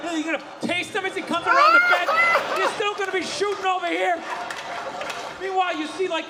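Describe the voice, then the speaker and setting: A man doing a stand-up comedy routine, telling a profane story and acting out the scenes, heard as a played-back clip. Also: very high voice. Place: comedy stage.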